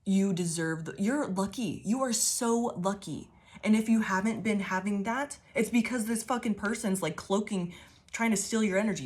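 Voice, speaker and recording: A woman gives a loose, casual tarot reading to her viewers, swearing freely and rambling from one thought to the next. Her voice sits at an ordinary middle pitch, broken up by frequent laughter. She calls her listeners babies and piles on affirmations. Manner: profane, rambling, laughs often. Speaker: tarot reader.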